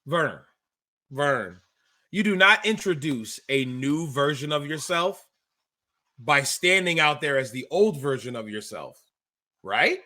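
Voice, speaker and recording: A man co-hosting a casual wrestling podcast, animated and quick to gripe, acting out the quotes he retells. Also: fairly high pitch. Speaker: podcast co-host.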